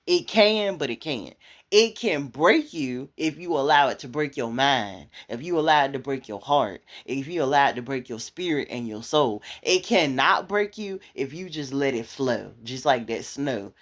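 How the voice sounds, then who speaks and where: A woman preaching a motivational sermon, speaking straight to the listener in a conversational way and building to loud, fervent passages. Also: a bass voice, lively intonation, moderate pace. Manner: impassioned, rising to loud fervor; conversational, addressing listener directly.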